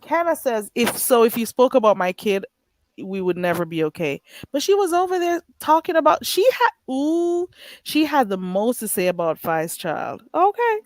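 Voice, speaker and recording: A woman's voice: a little high, no echo. A woman hosting a live stream, chatting casually and gossiping while reading out viewer comments, often stretching out "ooh". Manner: animated and gossipy, with frequent drawn-out "ooh"s.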